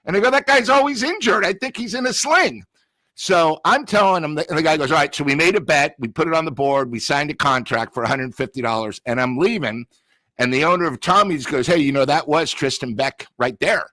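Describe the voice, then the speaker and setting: Blunt ranting man, bright dry voice. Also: fairly high pitch, brisk, no room sound. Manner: blunt, ranting, tells stories with quoted dialogue. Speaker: sports talk show regular. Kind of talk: heated casual sports talk.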